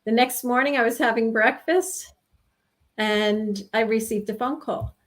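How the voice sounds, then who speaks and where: A guest in her sixties from New York tells of her own experience during an interview. She speaks earnestly in a somewhat high voice, hesitating often and abandoning sentences to start them over.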